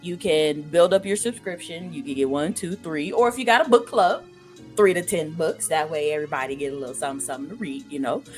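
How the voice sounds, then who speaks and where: A woman's voice: sits low, a little fast, faint music behind. A woman from the American South with a Southern accent tinged with Brooklyn, hosting a casual interview in a chatty, joking way. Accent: Southern American with some Brooklyn. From Southern United States. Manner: chatty, joking, animated asides. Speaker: podcast host.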